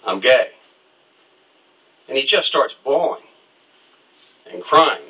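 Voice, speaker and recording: A man's voice: mid-range voice, expressive, slow, bright, forceful tone, slightly rough, far from the mic, poor audio. A middle-aged man telling a personal story in an interview, candid and wry, acting out the people he quotes.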